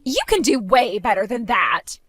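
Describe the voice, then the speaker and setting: A woman's voice: on the high side, expressive, moderate pace, a bit bright, no echo, clean studio sound, soft background music. A woman voicing a spoiled, bratty young woman who taunts her older sister in a mocking, sing-song way. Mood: demanding. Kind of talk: animated story voice acting.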